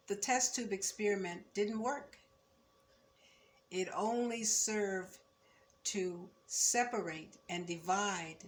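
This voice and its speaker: An older woman in her seventies recalling her student years in a measured, reflective oral-history telling, turning firm when she speaks of injustice. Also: fairly low pitch, a little hiss or hum. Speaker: former student recounting memories.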